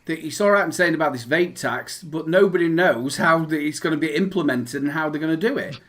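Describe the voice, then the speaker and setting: A man's voice: on the high side, a little fast, fairly bright tone. A Northern English man co-hosting a casual podcast chat, rambling with restarts and reading news aloud. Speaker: podcast co-host.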